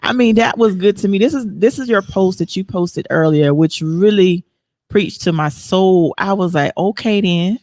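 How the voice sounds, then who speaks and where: A woman hosting a faith podcast, talking in a lively, preacherly way. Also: mid-range voice, moderate pace, no echo, clean studio sound. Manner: animated, preacherly, reads listener comments aloud. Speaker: podcast host.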